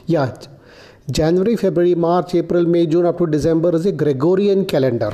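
A man's voice: a little high, brisk, dark tone. A man from Kerala with a Malayali Indian English accent, hosting a casual explainer video with playful, mock-exasperated asides. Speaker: video host.

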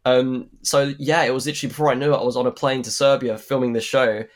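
A man's voice: medium pitch, flat delivery, fast talker. A young man, an actor, chatting in an interview, rambling with lots of fillers and restarts. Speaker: actor guest. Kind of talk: casual interview chat.

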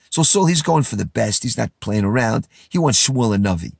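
A man teaching a verse-by-verse Bible lesson, reading lines and retelling them in casual, lively words. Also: lowish voice, fairly quick, gravelly, hardly any pauses, slightly rough, dry recording, studio quality. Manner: animated, paraphrases verses in casual speech.

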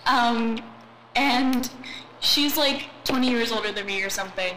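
Twenty-something woman on a podcast, slow and umm-y, bit of a high voice, noisy background. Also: pushed and bright. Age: 20s. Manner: hesitant, lots of ums, giggly. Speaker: podcast co-host. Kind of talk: casual podcast chat. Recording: noisy home recording.

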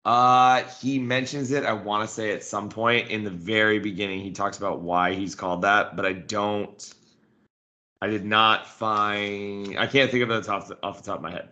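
A man's voice: lowish voice, fairly even intonation, moderate pace, sharp tone. A man co-hosting a casual history podcast, explaining details and reading passages from a book aloud. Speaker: podcast co-host.

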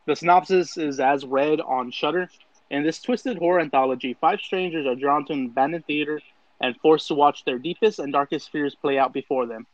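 A man's voice: fairly high pitch, a little fast, lo-fi sound. A man co-hosting a podcast in casual chat, laid-back and loose as he runs through the episode. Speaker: podcast co-host.

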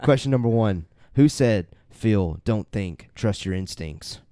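A man's voice: lowish voice, unhurried, no echo, clean studio sound. A man hosting a casual podcast chat, laughing often as he runs a trivia quiz. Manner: laughs often, lively quizmaster. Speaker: podcast host.

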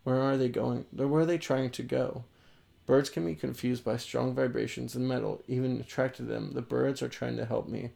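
A man reading as a brooding, gravelly Batman. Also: medium pitch, fairly even intonation, normal speed, warm tone. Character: brooding grizzled male Batman, talks to himself.

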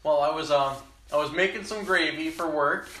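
A man's voice: on the high side, moderate pace. A young man chatting as a guest, telling his story in lists with fillers. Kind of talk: casual chat. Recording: roomy, distant mic with clear background noise.

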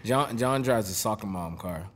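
A man's voice: lowish voice, expressive, normal speed, fairly bright tone. A man, co-hosting a casual chat, joking and teasing with frequent laughs. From North Carolina.

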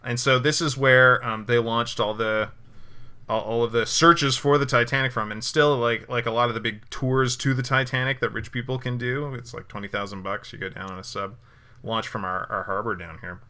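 Bright-voiced joking man. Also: mid-range voice, steady tone, moderate pace. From Newfoundland, Canada. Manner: jokey, laughs often, rambling anecdotes. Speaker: podcast guest. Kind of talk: casual podcast chat.

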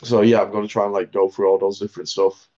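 A man's voice: lowish voice, little pitch movement, fast, a little mellow. An English man co-hosting a podcast in casual chat, rambling and joking with lots of fillers, recorded remotely. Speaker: podcast co-host. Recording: dull lo-fi remote call audio.

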